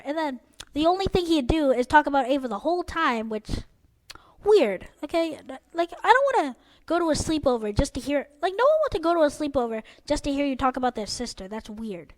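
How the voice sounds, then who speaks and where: A teenage girl with a high, bright-pitched voice tells a casual storytime tale from her school days. She rambles with plenty of filler words and sounds openly exasperated. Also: sing-song, a little fast.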